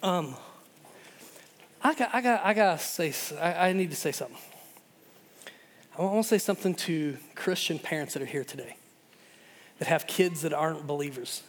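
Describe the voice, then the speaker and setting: A middle-aged man preaching a sermon in an animated way, often repeating words and restarting. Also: fairly high pitch, normal speed, pauses often. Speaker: pastor. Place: church hall. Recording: long hall reverb.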